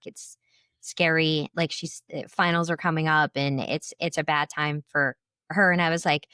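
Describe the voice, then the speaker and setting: A woman's voice: low-pitched, a bit bright, clean tone, no room sound, clean studio sound. A woman co-hosting a podcast, talking in an earnest, reflective way and repeating words for emphasis. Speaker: podcast co-host. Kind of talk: casual chat.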